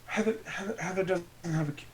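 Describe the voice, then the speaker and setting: A man's voice: high-pitched, fast talker. A young man co-hosting a podcast in casual chat, joking, laughing often and slipping into silly voices. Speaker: podcast co-host.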